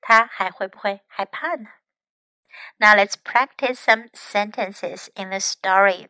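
Patient, bright-voiced woman English teacher. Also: medium pitch, unhurried, no echo, poor audio. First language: Chinese. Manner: clear, patient drilling of phrases. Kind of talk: bilingual language lesson.

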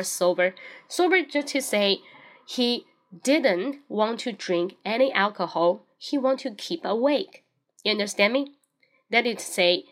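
A woman whose first language is Chinese, hosting a casual bilingual livestream as an English teacher, mixing Chinese and English and spelling words out letter by letter. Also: mid-range voice.

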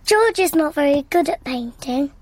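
A woman's voice: sits high, animated, normal speed, poor audio. A woman voicing a bossy, cheerful little girl pig in a cartoon, proud and giggly. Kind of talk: cartoon voice acting.

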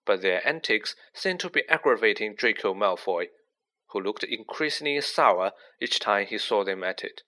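A man reading a storybook aloud as narrator, with an expressive, varied delivery. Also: fairly low pitch, normal speed. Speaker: audiobook reader.

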